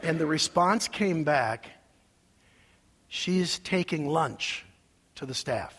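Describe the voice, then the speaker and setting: A man preaching a sermon as pastor, telling a personal story with emotion, his voice going from soft asides to loud cries. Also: fairly high pitch, animated, slow, slightly rough. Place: large church sanctuary. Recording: long hall reverb.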